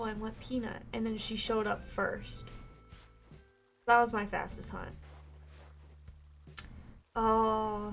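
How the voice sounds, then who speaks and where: A woman's voice: on the high side, gravelly. A woman in her twenties, a game streamer chatting casually with her live viewers in a rambling way, full of "like" fillers.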